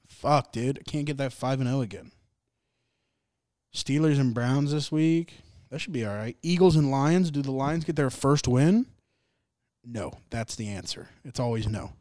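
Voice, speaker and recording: A man's voice: mid-range voice, moderate pace, a little mellow, dry recording, studio quality. A young man hosting a laid-back sports podcast, rambling, joking and swearing as he reacts to games. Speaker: podcast host. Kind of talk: casual sports chat.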